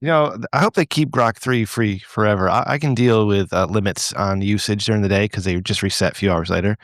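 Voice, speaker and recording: A man's voice: on the low side, fairly quick, no room sound. A man hosting a podcast in loose, rambling chat, swearing freely and restarting his sentences. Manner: rambling, profane, with frequent restarts. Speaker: podcast host.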